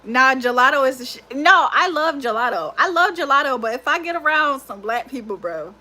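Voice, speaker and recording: A young woman with a high, bright voice hosts a casual livestream chat. She talks in an animated way, laughs often and swears freely as she reacts to her viewers. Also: brisk. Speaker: livestream host.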